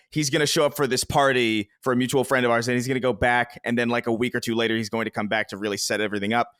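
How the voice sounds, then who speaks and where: A man's voice: mid-range voice, a bit bright, no room sound. A man co-hosting a podcast in casual chat, rambling and self-deprecating, laughing often. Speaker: podcast co-host. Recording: dry close mic.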